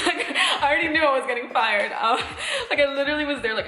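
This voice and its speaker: A woman's voice: a little high, rapid-fire, pushed and bright, echoey room. A woman in her twenties telling a casual storytime, chatty, with many fillers and some swearing. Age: 20s. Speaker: vlogger.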